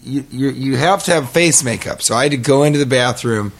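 A man's voice: mid-range voice, fairly quick, vocal fry. Rambling male comic telling a story. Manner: rambling, animated, acts out quotes. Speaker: podcast host. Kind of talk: casual comedic storytelling.

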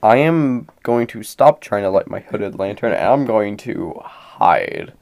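A man's voice: on the low side, lively intonation, measured pace, vocal fry, darkish tone. A young man playing a tabletop game, talking in a hesitant, stammering way. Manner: hesitant, stammering, slightly anxious. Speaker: player. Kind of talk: casual tabletop game play.

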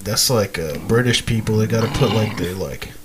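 A man's voice: fairly low pitch, normal speed, crowd noise. A man co-hosting a casual podcast chat, teasing the others with crude questions. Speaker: podcast co-host.

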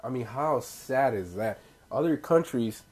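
Man, husky voice, lively swooping pitch, casual profane vlog rant, rambling. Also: unhurried. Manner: loose, swearing, laughing, rambling asides. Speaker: vlogger.

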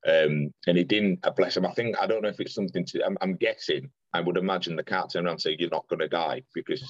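Deep-voiced young man telling a story. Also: quick pace, dry recording, muffled recording. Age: young adult. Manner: earnest, detailed retelling with frequent restarts and quoted dialogue. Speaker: podcast guest. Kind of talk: personal storytelling in conversation.

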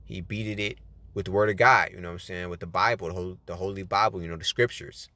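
A man's voice: low-pitched, fairly even intonation, fast, sharp tone, no room sound. A man hosting a podcast, talking casually about Bible study and often saying "you know what I'm saying.". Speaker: podcast host. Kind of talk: casual faith talk, reading tips.

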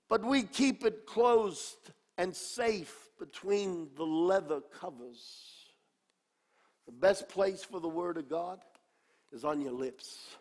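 Fiery high-voiced preacher in his sixties. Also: slow. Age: 60s. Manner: swings between loud impassioned shouting and low quiet speech; emphatic, repetitive preaching cadence. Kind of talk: sermon. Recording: long reverb of a large hall.

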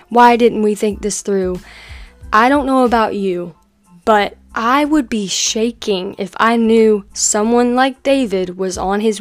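A woman hosting a faith podcast, talking in an energetic, encouraging, conversational way. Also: medium pitch. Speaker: podcast host.

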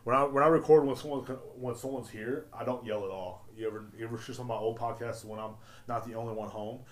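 A man hosting a solo podcast, ranting in a loud, profane, rambling way. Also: mid-range voice, fairly even intonation, quick pace. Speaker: podcast host. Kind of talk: casual solo podcast rant.

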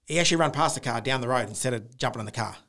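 A podcast co-host with a mid-range voice races through a personal ghost story in casual chat. He's an animated storyteller, acting out the noises he heard with rising howls.

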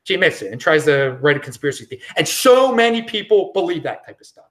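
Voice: mid-range voice, very animated, quick pace. A vlogger giving casual opinion commentary, blunt and dismissive, who repeats phrases for emphasis.

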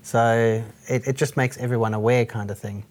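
A man hosting a relaxed interview, speaking at a medium pitch. He is chatty and agreeable, filling his talk with ums and you-knows as he asks his questions. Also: moderate pace. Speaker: podcast host. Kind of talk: casual conversational interview.

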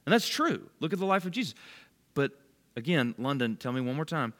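Lively-voiced man giving a casual sermon. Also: medium pitch, fairly quick. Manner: conversational, quizzes listeners by name. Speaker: bible study leader. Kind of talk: casual sermon to a small group.

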